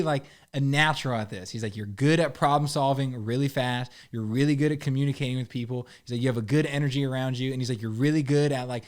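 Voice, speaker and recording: A young man as a podcast guest in a casual chat, laid-back, peppering his talk with "like" and "bro" and acting out quotes. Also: medium pitch.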